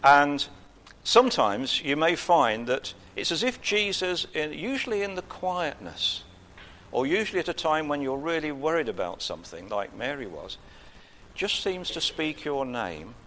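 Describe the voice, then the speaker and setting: A man preaching an informal sermon in a conversational way, with frequent pauses and gentle humor. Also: on the high side, sing-song, slight background noise.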